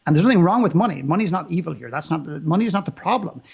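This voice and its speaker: A man's voice: fairly high pitch, animated, racing, vocal fry, husky. A man speaking as an interview guest in a motivational conversation, emphatic and full of rhetorical questions and repetition.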